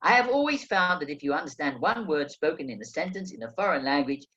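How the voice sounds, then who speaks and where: A man narrating a first-person memoir as an audiobook reader, telling the story in a lively way. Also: fairly high pitch, quick pace, muffled recording. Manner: lively storytelling, acting out quoted speech.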